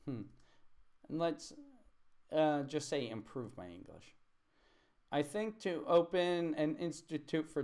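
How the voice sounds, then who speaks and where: A man's voice: on the high side, animated, takes it slowly, pauses often, a little mellow. A man teaching a live English lesson, patiently repeating words and correcting student sentences.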